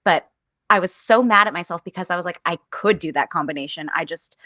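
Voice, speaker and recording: A woman actress speaks as an interview guest in an earnest, reflective way, circling back and restarting as she thinks aloud. Her voice is bright and forward, and it sits close and dry with almost no room around it. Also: fairly low pitch, brisk, dry recording. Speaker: musical theater actress, guest. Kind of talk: candid casual conversation.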